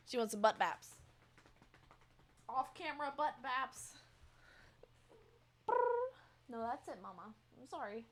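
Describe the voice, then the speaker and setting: A woman's voice: medium pitch, animated, slow pace, pauses often. A young woman streaming, chatting casually with her viewers and cooing over her cat. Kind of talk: casual chat with chat.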